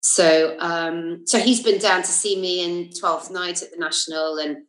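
Middle-aged southern English actress, lower voice, chatty storyteller. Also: female voice, a little slow. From England. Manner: lively storyteller with many fillers and asides. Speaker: podcast guest, comedian and actress. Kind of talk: casual interview anecdotes. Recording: roomy echo.

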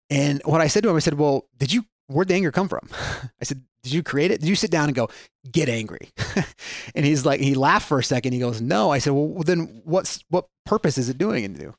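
A man's voice: mid-range voice, no echo, studio quality. A man talking through ideas in a casual podcast conversation, acting out quoted people as he goes and often restarting his sentences. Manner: animated storyteller, acts out quoted voices, frequent restarts. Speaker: guest speaker on mindset.

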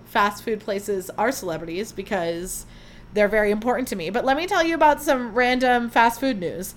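A young woman hosting a podcast, chatting casually in an animated way with lots of fillers and restarts. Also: fairly high pitch. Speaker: podcast host. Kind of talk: casual chat.

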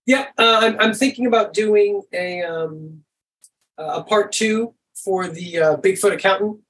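A middle-aged man chatting as a podcast guest, relaxed and rambling, with lots of "and stuff". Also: high voice, a little slow. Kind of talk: casual conversation.

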